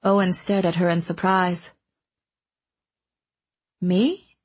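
Slow, soft-spoken breathy woman narrator. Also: on the low side. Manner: slow, calm, even reading. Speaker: audiobook narrator. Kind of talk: scripted narration.

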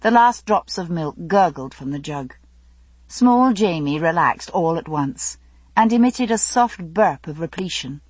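Female audiobook narrator, measured first-person reading, slightly low and husky. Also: animated, a little mellow, no echo.

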